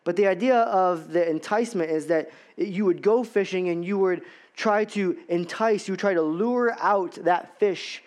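Pastor, male, high-pitched, casual and repetitive sermon delivery. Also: normal speed, hardly any pauses. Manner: conversational, repetitive, rhetorical questions.

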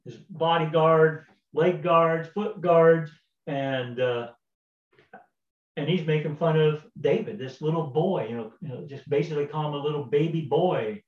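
A man's voice: a little high, unhurried. A man casually retelling a Bible story in a folksy way, with fillers and repeated words. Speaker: Bible teacher. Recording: roomy, distant, dull sound.

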